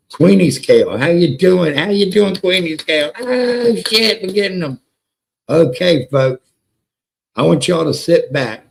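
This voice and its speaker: A man hosting a casual livestream, excitable and profane, greeting chatters by name and repeating words for emphasis. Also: medium pitch, vocal fry, rough recording. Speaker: livestream host. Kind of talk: casual live-stream chat with viewers.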